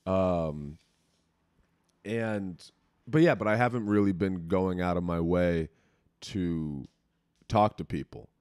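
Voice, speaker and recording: A man's voice: deep voice, takes it slowly, long pauses, a little mellow, smooth, no echo. A young man hosting a podcast, chatting candidly and rambling with casual swearing into a close mic. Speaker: podcast host. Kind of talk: casual chat.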